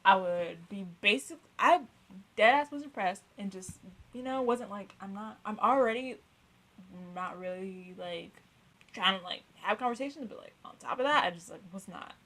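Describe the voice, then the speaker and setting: Young woman, crisp bright voice, blunt rambly podcast chat, swears a lot. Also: mid-range voice, normal speed, low-quality recording. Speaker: podcast co-host. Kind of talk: casual chat.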